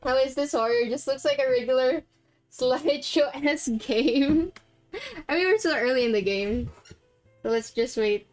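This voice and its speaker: Bubbly filipina streamer, highish voice, reads the game out loud, little music in the back. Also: female voice, normal speed. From Philippines. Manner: bubbly, gasping and giggling. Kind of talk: casual game stream with narration.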